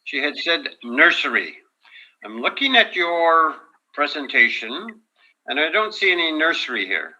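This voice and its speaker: A man chairing a formal hearing, polite and measured. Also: fairly high pitch, very animated, sharp tone. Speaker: board chair. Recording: dull lo-fi room audio.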